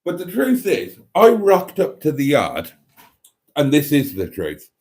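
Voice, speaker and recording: A man chatting on his own livestream, reading out comments from viewers. He rambles in a dry, self-mocking way. His fairly high voice jumps all over the place as he talks. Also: wildly swooping pitch, a little slow, a little mellow. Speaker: livestream host.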